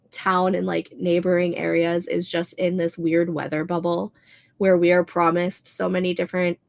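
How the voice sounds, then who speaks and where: Hosting a writing livestream, a young Minnesotan woman from the Midwest reads chat and talks casually, laughing a lot and leaning on "like" and "um." Her voice is lowish and gravelly.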